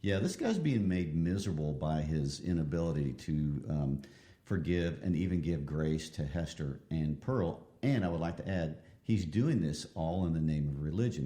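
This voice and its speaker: Very deep-voiced man, roomy sound. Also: dark tone. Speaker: podcast co-host. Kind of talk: literature podcast discussion. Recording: echoey room.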